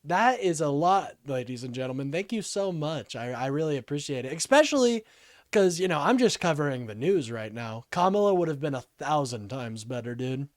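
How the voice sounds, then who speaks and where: A man hosting a casual political livestream with call-ins, talking haltingly and apologizing often. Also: a little high, lively intonation, no room sound, studio quality.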